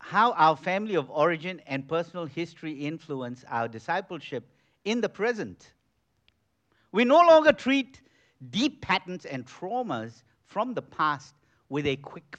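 Middle-aged male pastor, slightly high voice, animated conversational sermon with restarts. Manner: lively, conversational preaching with repeated restarts. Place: church.

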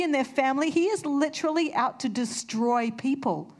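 A woman's voice: high voice, a little fast, hardly any pauses, a little mellow. Earnest woman preaching a sermon. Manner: earnest, storytelling with conversational asides.

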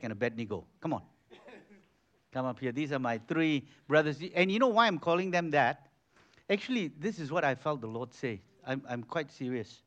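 Middle-aged male pastor, slightly high voice, animated conversational sermon with restarts. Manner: lively, conversational preaching with repeated restarts. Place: church.

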